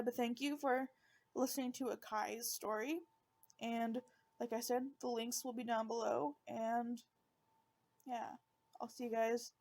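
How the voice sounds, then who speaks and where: Woman, true-crime podcast host, casual delivery on the edge of tears, slightly high voice. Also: a little mellow. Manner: emotional, fighting back tears; conversational with fillers.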